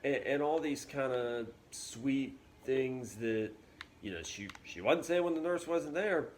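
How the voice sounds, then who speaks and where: A male teacher talks through a lesson slowly and casually, with plenty of "kinda" and "um." His voice sits at a mid pitch. Faint background noise can be heard. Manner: relaxed, chatty, lots of fillers. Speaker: English teacher. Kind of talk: casual classroom video lesson.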